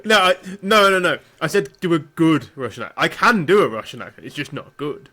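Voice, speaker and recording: A man's voice: fairly high pitch, sing-song, brisk, sharp tone. A man co-hosting a podcast in casual banter, with dry, self-deprecating humor. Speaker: podcast co-host.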